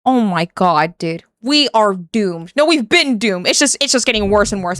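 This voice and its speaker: A woman's voice: mid-range voice, animated, normal speed, hardly any pauses, a bit bright, dry recording, clean studio sound. A young woman streaming a casual reaction commentary, exasperated and rambling, swearing often and breaking into laughs.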